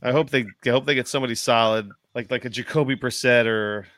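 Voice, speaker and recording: A man co-hosting a fantasy football podcast in casual chat, rambling and animated and swearing often. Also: medium pitch, fast, no echo.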